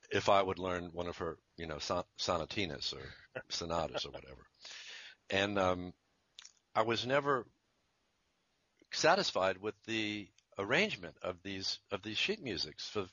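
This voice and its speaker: A man's voice: sits low, sharp tone, no room sound, highs cut off. A man in his fifties from Virginia, a jingle composer and musician, telling stories in an interview in a rambling, chuckling way with many restarts. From Virginia, USA. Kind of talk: conversational interview storytelling.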